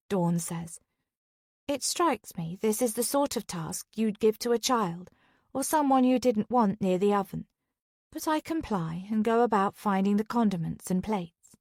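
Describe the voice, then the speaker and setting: A woman reading a first-person thriller audiobook as whispered role-play, soft and intimate. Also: mid-range voice, moderate pace, no room sound, clean studio sound. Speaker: audiobook narrator.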